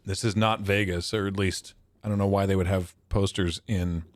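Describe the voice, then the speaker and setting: A man streams a geography guessing game in a low, fairly flat voice at normal speed, with no room sound. It's casual livestream commentary as he thinks aloud, chuckles, and pokes fun at his own guesses.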